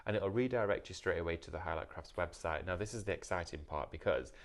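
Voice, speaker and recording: Man, very low voice, upbeat, salesy, live shopping host. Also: fast, gravelly.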